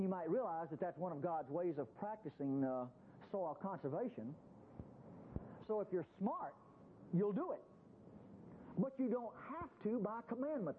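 A man preaching a Bible-teaching sermon in a folksy, conversational way. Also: high voice. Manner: folksy, conversational, acts out quotes in voices. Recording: tinny phone-like radio broadcast with faint hiss.

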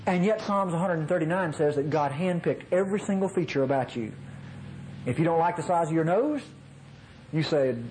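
A man's voice: on the high side, a little fast, darkish tone, slight background noise, rough recording. A man from North Mississippi with a nasal voice, preaching a conversational sermon in a folksy way, often chuckling at his own asides.

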